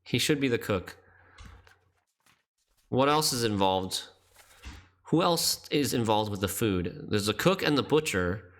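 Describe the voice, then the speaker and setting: Male streamer, animated pitch, forceful tone, casual thinking-aloud commentary, quick laughs.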